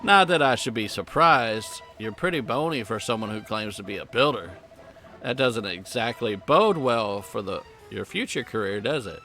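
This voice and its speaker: A man's voice: fairly low pitch, expressive, normal speed, sharp tone, soft background music. A man voicing a cocky, taunting sailor who picks fights, in a put-on Southern drawl. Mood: mocking. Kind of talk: reading game dialogue aloud.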